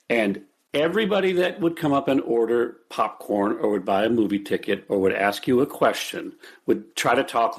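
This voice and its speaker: A man of middle pitch on a casual movie podcast. He grumbles in a dry, mock-exasperated way. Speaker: podcast co-host.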